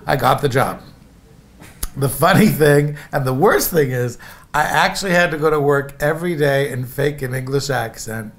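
A man's voice: medium pitch, moderate pace. A man from Indiana telling stories from his life in a rambling, chatty way and calling his listeners folks. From Indiana, USA. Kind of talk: casual memoir storytelling.

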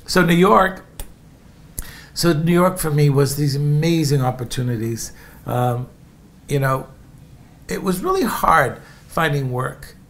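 Speaking at a measured pace in a slightly high, animated voice, an Indiana man shares casual memoir stories. He wanders from point to point in a chatty way and calls his audience folks.

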